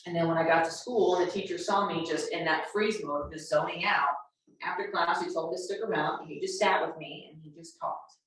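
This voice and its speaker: A woman's voice: lowish voice, fairly quick, a bit bright. A woman presenting an earnest workshop talk to educators, repeating phrases for emphasis. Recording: echoey room, voice from far off the mic.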